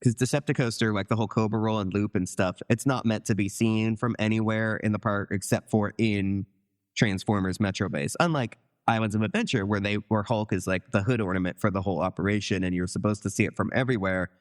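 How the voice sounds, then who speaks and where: A man with a fairly low voice in an easygoing podcast conversation, trading observations with his co-host. He fills his sentences with "like" as he talks things through. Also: fairly quick. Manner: conversational, leans on "like". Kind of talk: casual podcast discussion.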